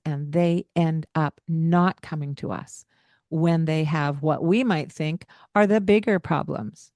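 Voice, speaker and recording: A woman's voice: on the low side, a little mellow, no room sound, clean studio sound. A woman co-hosting a casual parenting podcast, talking in an earnest, coaching way with lots of fillers. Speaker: podcast co-host.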